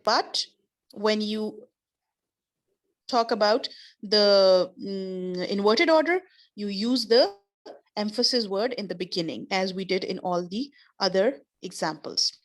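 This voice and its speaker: A woman's voice: mid-range voice, slow pace. A woman teaching an online class, explaining patiently with repeated examples. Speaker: English teacher.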